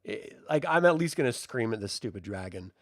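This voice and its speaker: A man doing a desperate peasant guy, low gruff, fast, dry close sound. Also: animated, no room sound. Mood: defiant.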